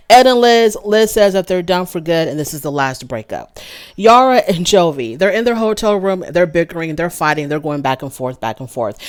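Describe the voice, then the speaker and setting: Female host, low-pitched, chatty gossip recap to camera. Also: clean tone. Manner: animated, gossipy, talks straight to viewers. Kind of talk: casual chat review.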